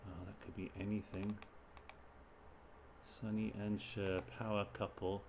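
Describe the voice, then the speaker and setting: A man from the UK reads crossword clues aloud at an unhurried pace and mutters guesses in short bursts. His voice sits on the low side. Faint keyboard typing and room noise sit behind him at a home desk. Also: little pitch movement, darkish tone. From United Kingdom. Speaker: streamer solving crosswords. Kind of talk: thinking aloud while solving.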